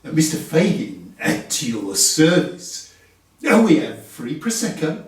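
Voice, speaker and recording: A man's voice: on the high side, big pitch swings, distant mic. A man playing Fagin, sly chuckling innkeeper. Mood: gleeful. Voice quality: theatrical, chuckling, drawn-out delivery. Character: sly showy male innkeeper Fagin, scheming and gleeful. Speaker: amateur actor. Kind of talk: amateur pantomime radio play. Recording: roomy home recording, voice off-mic.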